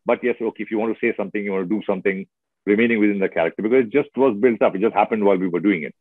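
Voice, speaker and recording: A middle-aged man with an Indian English accent, an actor chatting in an interview, telling stories expressively with lively asides. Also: fairly low pitch, racing, breathy edge, no room sound. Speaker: actor guest. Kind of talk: casual interview chat. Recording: dry, tinny phone-like sound.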